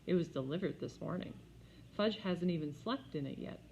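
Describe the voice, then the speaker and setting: A woman narrating a children's storybook in an expressive, wry manner, on a slightly dull recording. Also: lowish voice, moderate pace, gravelly, a little hiss or hum. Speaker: audiobook reader.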